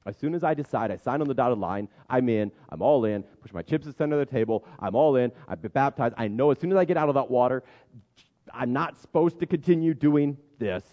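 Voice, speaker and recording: A man preaching a sermon as pastor, animated and emphatic, often stammering and restarting his words. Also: mid-range voice, brisk, dull audio.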